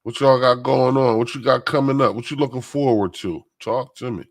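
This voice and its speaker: A man's voice: mid-range voice, normal speed, few pauses, no room sound. A man hosting a live stream while feeling sick, chatting casually with viewers in loose slang and greeting them by name. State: sick, under the weather.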